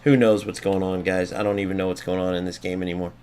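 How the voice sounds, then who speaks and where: A young gaming streamer plays a football video game, excitably commenting live, swearing and ranting about glitches. He has a deep voice and a quick pace, with a little hiss or hum in the audio.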